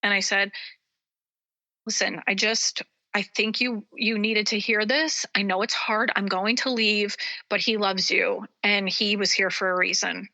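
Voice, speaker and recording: A woman psychic medium, a guest on an interview show, retelling a personal story in a halting way, with many ums and restarts. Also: medium pitch, steady tone, bright, forceful tone.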